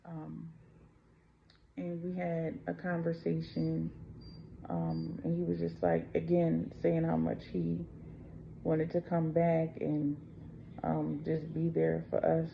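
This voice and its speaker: Slow, gravelly-voiced woman telling her story. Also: deep voice. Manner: raw, unscripted telling with many fillers. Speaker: channel host. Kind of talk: personal storytelling to camera. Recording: dull lo-fi with faint background noise.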